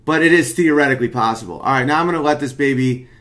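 Comedian at home, mid-pitched male, rambling breakdown of his own bit. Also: quick pace, a bit bright. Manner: rambling, analytical, picks up intensity when making his point. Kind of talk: casual commentary.

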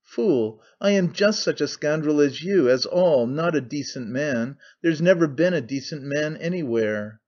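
A man reading an audiobook, voicing a gloomy, intense male idealist who speaks gravely and curtly. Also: fairly high pitch, lively intonation, a little slow, hardly any pauses, darkish tone, dull audio. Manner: muttering, grave, curt.

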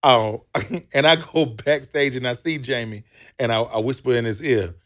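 A man's voice: mid-range voice, moderate pace, fairly bright tone. A man with a Southern US accent, telling a loose, profane story with laughs on a comedy talk show. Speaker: comedian guest.

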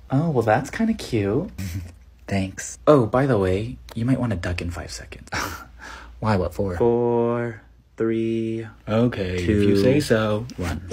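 A young man performing comedy sketch dialogue with awkward, deadpan timing. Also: on the low side, a little hiss or hum.

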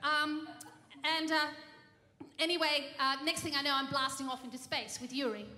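Bright high-voiced woman in an echoing venue. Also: steady tone, normal speed. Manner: rambling, full of ums and restarts; mock-earnest tall tale. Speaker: cabaret singer and bandleader. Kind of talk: comic stage monologue. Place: live music venue. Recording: reverberant live room.

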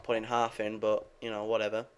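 A man's voice: fairly low pitch, completely flat delivery, brisk, slight background noise. Young man rambling over gameplay. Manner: rambling, swears casually, talks to viewers. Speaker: gaming video creator. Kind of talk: casual gameplay commentary.

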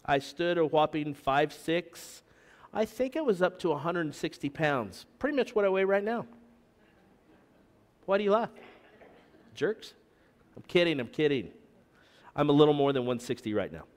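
Joking pastor in a reverberant church. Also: male voice, on the high side, big pitch swings, normal speed, pauses often. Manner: joking asides with the congregation. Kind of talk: sermon. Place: church sanctuary.

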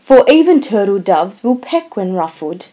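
A woman reading an audiobook, voicing a flustered young wife who pleads and protests in a high, distressed voice. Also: big pitch swings, moderate pace, warm tone. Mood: indignant. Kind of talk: audiobook character voice.

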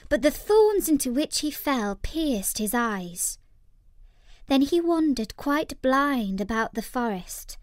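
A woman narrating a classic fairy tale for children in a slow, expressive storytelling manner. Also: fairly high pitch.

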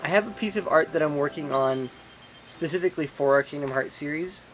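A man's voice: a little high, a little fast, soft background music. A young man chatting casually while gaming, rambling and joking with his brothers. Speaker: let's play gamer.

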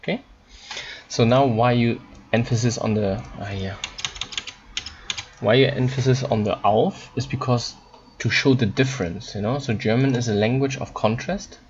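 A man teaching German in an online lesson, explaining in halting English with frequent ums and repeated words. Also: mid-range voice, fairly even intonation, highs cut off, a little hiss or hum.

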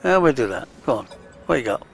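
A man's voice: mid-range voice, big pitch swings, fast, creaky, a little hiss or hum. A British man giving casual, chatty commentary while playing a space exploration game, chuckling and muttering to himself as he goes. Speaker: let's play gamer.

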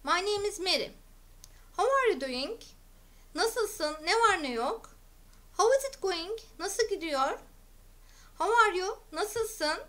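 Slow, bright-voiced woman teacher. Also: very high-pitched, lively intonation. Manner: clear, deliberate, repeating each word for learners. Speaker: English teacher. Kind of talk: slow vocabulary drill, English word then Turkish meaning.

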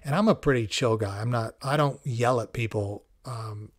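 A man talks in an easy, conversational way. He is a podcast host, speaking reflectively in a calm, unhurried monologue. His voice sits at an ordinary male pitch.

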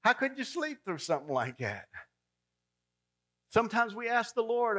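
A man preaching a folksy, dramatic sermon that swings from loud to hushed. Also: very high-pitched, very animated, normal speed, long pauses.

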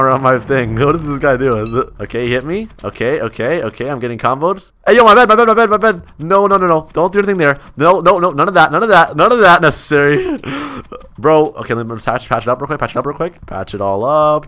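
A man with a bright, forceful, fairly high voice commentating his own gameplay as it happens. He talks in quick, excitable bursts and often repeats the same phrase several times. He laughs often as he reacts to his chat. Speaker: gaming YouTuber.

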